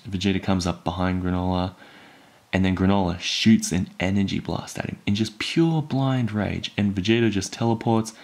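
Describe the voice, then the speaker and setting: Low-voiced man rambling through a recap. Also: creaky. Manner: rambling, many fillers, retells scenes excitedly. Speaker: manga recap YouTuber. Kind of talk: casual spoken recap.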